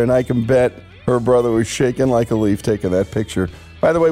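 A man's voice: mid-range voice, mellow. A man hosting a radio story show, praising a guest's story and asking listeners for donations. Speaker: radio host. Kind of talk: radio narration and donation appeal. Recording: faint guitar music behind. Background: faint guitar music.

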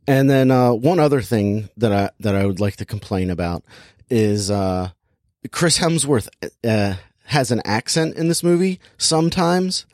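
This podcast movie reviewer is a man with a medium-pitched, animated, slightly mellow voice who speaks a little slowly. He rambles through a casual film review in a chat, leaning heavily on "like" and interrupting himself to restart sentences. The recording is dry and studio quality.

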